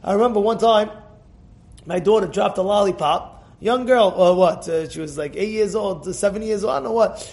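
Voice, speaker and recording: Rabbi guy with a high voice, keeps repeating himself, goes from hushed stories to loud and fired up. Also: normal speed, gravelly. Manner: animated and emphatic, repeats words and phrases; swings from quiet storytelling to loud outbursts. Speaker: rabbi teaching a class. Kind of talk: informal Torah lesson.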